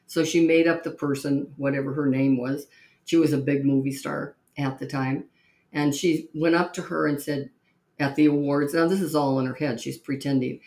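A woman hosting a podcast, telling stories in a lively way and acting out the voices of the people she quotes. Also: low voice, normal speed, echoey room. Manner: lively storyteller who acts out quoted voices. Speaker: podcast host. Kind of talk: storytelling monologue.

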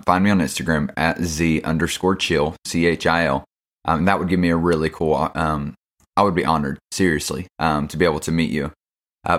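A young man hosting a casual devotional podcast, laid-back and slangy, with lots of fillers. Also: sits low. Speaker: podcast host.

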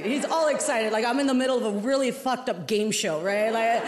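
A woman's voice: a little high, fairly quick, few pauses, noisy background. A woman telling a stand-up story on stage, acting out both sides of the conversation. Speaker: stand-up comedian. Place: comedy stage before a live audience. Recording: roomy stage sound, loud crowd laughter.

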